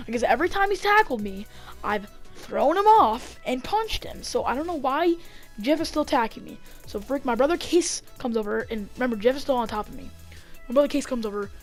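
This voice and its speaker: A woman telling a story in a casual vlog, rambling with lots of fillers and getting excited as she acts it out on a desk mic. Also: high voice, a little fast, soft background music. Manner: rambling, heavy on fillers, gets excited acting out the fight. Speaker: vlogger.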